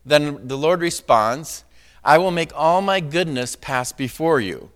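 Slightly high and expressive, this pastor's voice moves unhurriedly through his sermon. Scripture gets dramatic emphasis, and his conversational preaching is dotted with asides like "right?" and "amen?"

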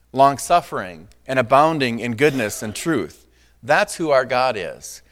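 In a medium-pitched, fairly bright voice, a man preaches and reads scripture dramatically. His tone stays conversational, with regular "right?" and "amen?" check-ins to the congregation.

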